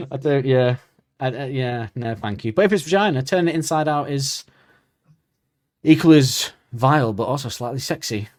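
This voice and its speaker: A man's voice: mid-range voice, expressive, normal speed, dry recording, studio quality. A man co-hosting a podcast, joking crudely and laughing often in casual chat. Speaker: podcast co-host.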